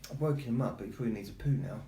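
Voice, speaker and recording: A man's voice: mid-range voice, rapid-fire, warm tone, echoey room, slight background noise. A man rambling casually to his viewers and his cat on a live stream from home. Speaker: vlogger.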